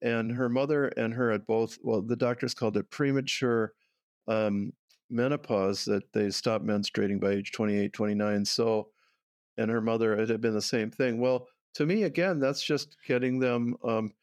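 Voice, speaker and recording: An older man, a guest herbalist, telling stories in a relaxed way and often laughing. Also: medium pitch, moderate pace, no room sound, studio quality. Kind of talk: conversational interview.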